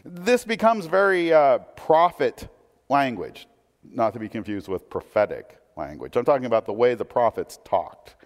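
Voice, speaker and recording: A man's voice: medium pitch, very animated, moderate pace. Man preaching in a reverberant hall. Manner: reads scripture aloud and comments conversationally. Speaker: pastor. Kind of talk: sermon.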